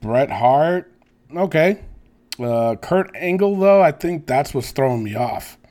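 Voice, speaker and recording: A man's voice: a little high, expressive, slow pace, darkish tone. A man co-hosting a podcast, rambling casually with many fillers and some swearing. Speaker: podcast co-host. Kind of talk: casual wrestling chat.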